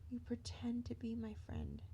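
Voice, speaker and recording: A woman's voice: fairly high pitch, completely flat delivery, moderate pace, mellow, slight background noise. A tired woman venting in a rambling, profane rant that often drops to a whisper.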